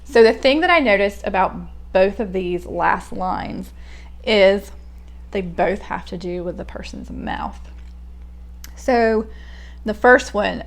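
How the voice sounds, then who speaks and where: Young woman musing over a poem, slow and unhurried, a bit of fry in her voice, lots of ums. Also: mid-range voice. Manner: thinking aloud, hesitant, many fillers and restarts. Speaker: poetry reader and commentator. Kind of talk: casual spoken poetry analysis.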